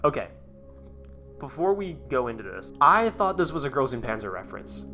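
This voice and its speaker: A man hosting his own video, reading aloud and commenting in a rambling, excitable way, chuckling often. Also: medium pitch, normal speed, soft background music. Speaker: YouTube host.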